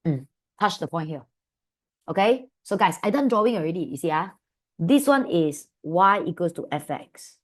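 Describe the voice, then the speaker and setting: A woman with a Malaysian English accent teaching an online maths class, calling her students "my dear" and asking them quick questions. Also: lowish voice. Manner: affectionate, calls students "my dear"; lively, asks many quick questions. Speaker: maths tutor.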